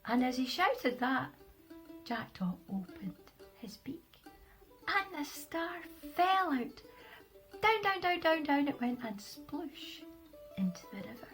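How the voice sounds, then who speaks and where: A Scottish woman reads a children's story aloud in an expressive, unhurried way. Her voice sits high and rises and falls widely. Soft guitar plays faintly in the background. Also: rough recording. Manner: expressive, with dramatic pauses. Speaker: author reading her own stories.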